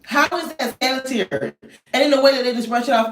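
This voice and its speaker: A woman in her thirties telling a story in a loud, animated rant and laughing often. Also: sits high, fast talker. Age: 30s. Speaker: vlogger. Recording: roomy echo, distant mic.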